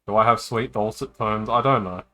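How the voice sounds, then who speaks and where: Bright-voiced Australian man streaming. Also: fairly low pitch, normal speed. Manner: reads dialogue aloud, swears casually. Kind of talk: casual live-stream game reading.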